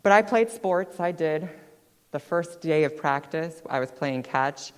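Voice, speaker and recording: A woman in her twenties, a guest speaker telling her own story on stage in a chatty, animated way, often checking in with "right?". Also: low-pitched, measured pace. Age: 20s. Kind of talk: personal storytelling talk. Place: stage in a hall. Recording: long hall reverb.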